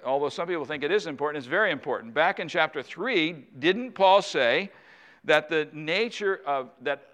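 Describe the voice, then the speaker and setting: A man's voice: fairly high pitch, expressive, a little fast, sharp tone. A male pastor preaching a sermon in a conversational way, asking his congregation rhetorical questions.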